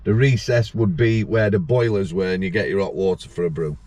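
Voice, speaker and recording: A man with a fairly low voice hosts a casual interview. He asks short prompting questions and adds details about how prisons worked. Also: fairly even intonation, brisk, crowd noise. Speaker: podcast host, former prison officer.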